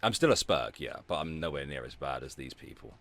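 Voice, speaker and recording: A man hosting a casual livestream rant, sarcastic and mocking, dropping from low mutters to loud announcements. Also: lively intonation, a little fast. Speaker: streamer host.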